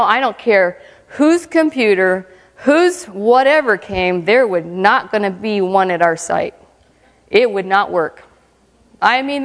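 A woman giving a lively, humorous mission testimony at church, often breaking into laughter. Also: medium pitch, long reverb tail.

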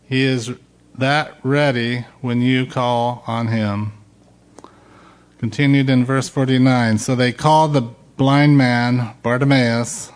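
Middle-aged male pastor; measured, slow sermon delivery with emphatic peaks. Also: mid-range voice, steady tone, smooth. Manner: slow, emphatic preaching, rising loud when quoting shouts.

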